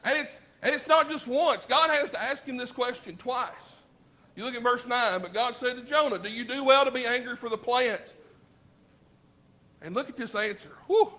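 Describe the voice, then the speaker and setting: A man with a Southern US accent preaches a sermon in a church in a very high-pitched, bright, ringing voice. He talks to the congregation conversationally, throwing out rhetorical questions and swinging from loud, emphatic lines to low, quiet asides. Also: normal speed. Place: church sanctuary.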